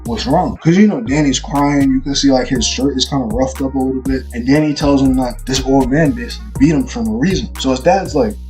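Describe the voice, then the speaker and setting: A man casually telling a personal story time, rambling with lots of fillers and getting loud as the argument heats up. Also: mid-range voice, fast talker, hardly any pauses, soft background music. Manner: rambling, many fillers like "like" and "you know"; grows loud and heated when retelling the argument. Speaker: YouTube storyteller.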